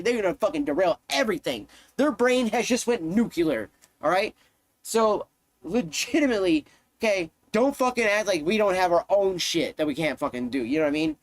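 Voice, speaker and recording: A man's voice: high voice, expressive, fairly quick, no echo. A man live-streaming, ranting to his chat in a heated, profane way, often repeating himself.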